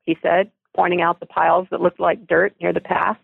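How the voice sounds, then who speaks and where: Woman, novelist, reading her own novel aloud, wry storytelling, gravelly, tinny phone line. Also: on the low side, level tone, a little fast, few pauses, no room sound.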